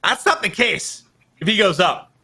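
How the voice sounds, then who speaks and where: A man's voice: high voice, big pitch swings, moderate pace, pushed and bright. A man co-commentating a live mobile shooter match, playful and hyping up the action, asking his partner questions. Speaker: esports co-commentator.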